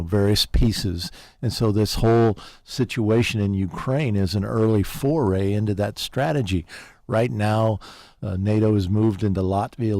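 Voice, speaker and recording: A man's voice: lowish voice, dark tone, no room sound. A man giving an interview, talking urgently, with emphatic repetitions and frequent fillers. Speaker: interview guest, peace activist. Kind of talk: earnest conversational interview.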